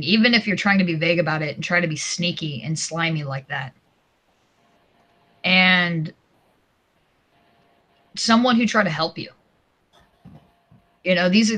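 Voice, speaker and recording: A man on a livestream, airing a heated grievance in an aggrieved, profane way with halting restarts. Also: high voice, bright, forceful tone. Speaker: guest co-streamer.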